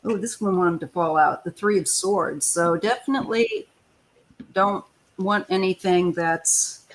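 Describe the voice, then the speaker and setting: A woman's voice: on the low side, a little slow, slight background noise, low-quality recording. A woman hosting a live tarot stream, chatting casually and giving emphatic advice. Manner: chatty, emphatic, complaining asides. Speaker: tarot reader host.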